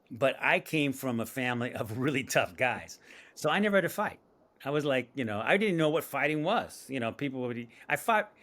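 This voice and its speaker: Animated storytelling man. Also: medium pitch. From San Diego. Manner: animated storyteller acting out voices, laughs often. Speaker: guest, screenwriter and comedian. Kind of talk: storytelling interview.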